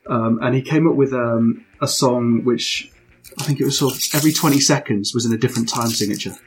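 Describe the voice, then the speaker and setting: Man, casual chat, rambling with fillers, mid pitch, faint noise. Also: fairly quick, rough recording.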